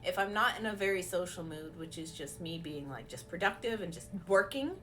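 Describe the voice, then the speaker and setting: A woman live streamer chatting casually with her viewers while beading, excitable and laughing often. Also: on the low side, fairly quick, soft background music. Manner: giggly, excitable, frequently laughing.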